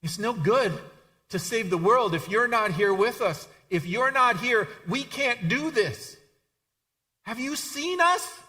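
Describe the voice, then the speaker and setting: A man's voice: a little high, lively intonation, a little slow, pushed and bright. A man voicing an anxious, devoted male disciple who begs his teacher not to die, stammering and repeating himself. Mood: pleading.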